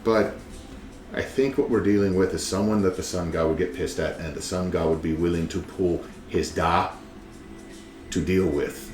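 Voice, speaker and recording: A man's voice: low voice, darkish tone. Joking man at a roomy game table. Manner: joking, swearing, quick back-and-forth. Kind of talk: casual chat at a game table. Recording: roomy room with faint background hum.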